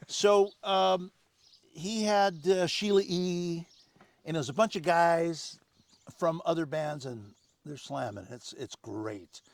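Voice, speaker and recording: Gravelly older man telling stories. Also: a little high, slow pace, no room sound. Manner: animated anecdotes, acting out other people's lines. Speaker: guest. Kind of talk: storytelling in casual conversation. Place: home on Maui.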